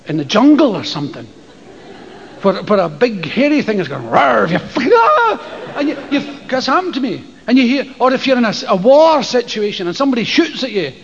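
An older Scottish man doing stand-up, telling a profane story and acting out voices and screams. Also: high voice. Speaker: stand-up comedian. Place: live comedy venue with an audience. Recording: lo-fi live show with crowd and noise.

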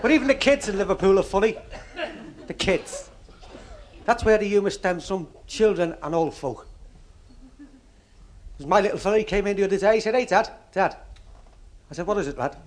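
A man's voice: high voice, a little fast, pauses often. A man doing stand-up, telling jokes about his son and voicing their talk. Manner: chatty family anecdotes with acted dialogue. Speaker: stand-up comedian.

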